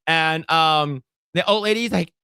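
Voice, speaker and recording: A man co-hosting a podcast in casual chat, swearing often and acting out scenes in squeaky put-on voices. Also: a little slow, pushed and bright, clear, resonant tone, no room sound, clean studio sound. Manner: profane, laughing, acts out scenes in high voices. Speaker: podcast co-host.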